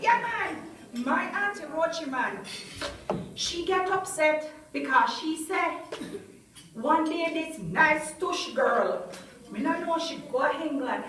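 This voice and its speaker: A middle-aged woman with a Jamaican accent, telling stories and leading an audience in a lively, singsong performance. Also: sits high. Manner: animated, singsong, calls to the audience. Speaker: storyteller. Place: large echoey hall with audience. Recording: echoey hall, heard from far off.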